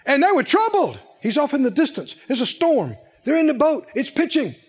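Animated high-voiced male preacher. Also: normal speed. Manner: animated, humorous, laughs often, calls for responses. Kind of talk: sermon.

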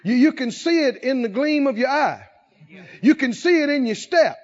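A man preaching a sermon as pastor, shifting from soft talk to loud, shouted exhortation with laughs. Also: extremely high pitch, expressive, moderate pace, dull audio.

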